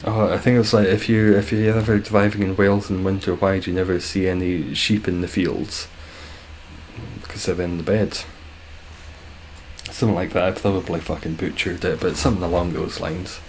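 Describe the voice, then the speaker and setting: Deep-voiced Scottish man, dry and joking. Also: fairly even intonation, normal speed, darkish tone, a little hiss or hum. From Scotland. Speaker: streamer. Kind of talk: casual stream chat.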